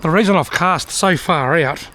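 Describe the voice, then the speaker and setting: A man's voice: on the high side, normal speed, pushed and bright. A middle-aged man with an Australian accent, chatting casually to the camera with dry humour while he fishes by a river. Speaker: fishing vlogger. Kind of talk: casual vlog commentary. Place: outdoors by a river.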